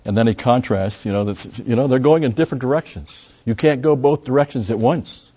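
A man preaches quickly in a medium-pitched, breathy voice, working through scripture as a pastor and punching key words louder. Fillers and restarts crop up, and the audio is dull and lo-fi.

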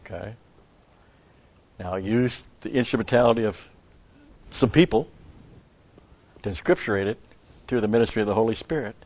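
A man's voice: on the low side, normal speed, pauses often, darkish tone. A man giving a rambling Bible teaching, stressing key words and restarting his sentences. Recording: dull lo-fi recording.

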